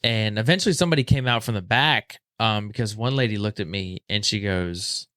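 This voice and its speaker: A man's voice: lowish voice, a little fast, clean tone, no echo, studio quality. A young man casually telling a story as a podcast guest, acting out what people said. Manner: animated, acts out quoted voices.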